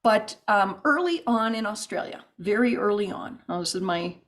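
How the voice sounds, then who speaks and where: A woman telling stories as a podcast guest, animated and rambling with restarts and asides. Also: medium pitch, normal speed. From United States. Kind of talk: podcast interview storytelling.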